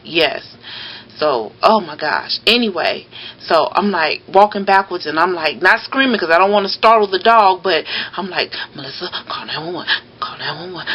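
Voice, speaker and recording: Woman vlogger, chatty storyteller, bright forward tone, casual delivery. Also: on the low side, poor audio. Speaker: mail carrier vlogger.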